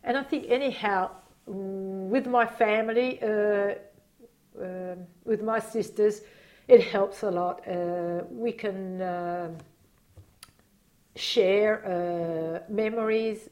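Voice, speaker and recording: A woman's voice: medium pitch, fairly even intonation, slow, a little mellow. A woman being interviewed, talking in a reflective, hesitant way with many fillers and frequent laughs. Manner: laughs often while talking. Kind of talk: casual reminiscing interview.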